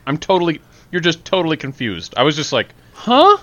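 A man co-hosting a casual podcast. His pitch swings widely as he tells his stories, and he laughs often. His tone is bright and forward. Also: fast, dry recording, dull audio. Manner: animated storytelling, laughs often. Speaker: podcast co-host. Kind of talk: casual chat.

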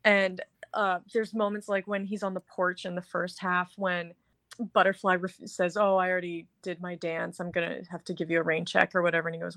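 A woman's voice: fairly low pitch, little pitch movement, a little fast, a bit bright, dry recording. A woman co-hosting a casual movie review chat, talking enthusiastically and rambling with lots of filler words. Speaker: podcast co-host.

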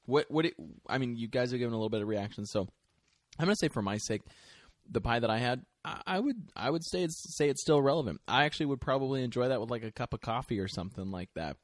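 A man's voice: medium pitch, animated, fast, no echo, studio quality. A man hosting a casual podcast chat, laughing as he talks and eating while speaking. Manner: laughs while talking, talks with mouth full. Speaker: podcast host.

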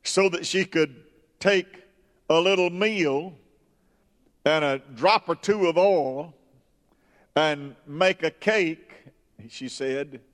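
A man preaching a sermon, slow and emphatic, rising high when stirred. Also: a bit bright. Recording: long hall reverb.

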